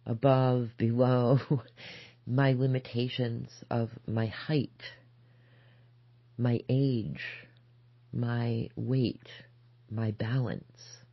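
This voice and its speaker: A spiritual teacher, a woman, speaks at an unhurried crawl with a gravelly edge and a flat, even melody. Her delivery is gentle and measured, sometimes falling to a soft whisper. The recording is dull and dry. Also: rumbling low, dry recording. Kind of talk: slow reflective spoken essay.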